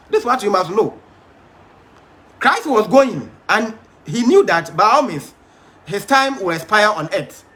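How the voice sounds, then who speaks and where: A man's voice: sits high, sharp tone. A man preaching a Bible study sermon, emphatic, stumbling and repeating words, and asking his audience questions.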